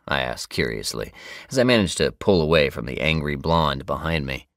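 A man with a very deep voice reads first-person fiction in an easygoing, wry way. He is recorded close on a studio mic. The booth sounds dead dry. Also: lively intonation, moderate pace, a bit bright, no room sound. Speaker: audiobook narrator. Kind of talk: first-person scripted narration.

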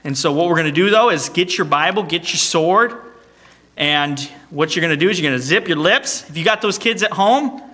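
A man hosting a church service as song leader, making announcements in a playful, teasing way with quick joking asides. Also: fairly high pitch, expressive, bright, forceful tone. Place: church sanctuary, streamed online.

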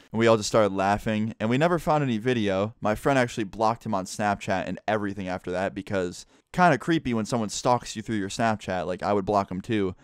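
A young man casually telling a story to his vlog audience, relaxed and chatty with plenty of "like" fillers. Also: on the low side, fast talker, few pauses, clear, resonant tone, no room sound, studio quality. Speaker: vlogger.

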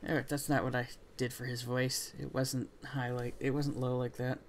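A man's voice: mid-range voice, level tone, normal speed, slight background noise. A man hosting a casual let's play, chatting about the game in a self-deprecating way. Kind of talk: casual gameplay commentary.

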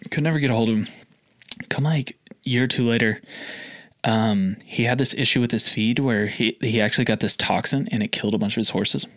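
A man's voice: medium pitch, a little fast, fairly bright tone, no room sound, studio quality. Chatty guy from Oklahoma telling stories. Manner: rambling, filler-heavy with lots of "like". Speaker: feed store owner, guest. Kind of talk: casual storytelling interview.

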